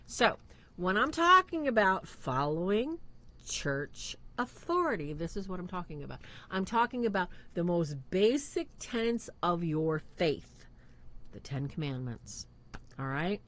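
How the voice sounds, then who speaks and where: A middle-aged woman co-hosts a live religious talk show. She speaks in an emphatic, preachy way, her pitch ranging widely as she piles up rhetorical questions. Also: pushed and bright. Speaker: co-host of a faith show.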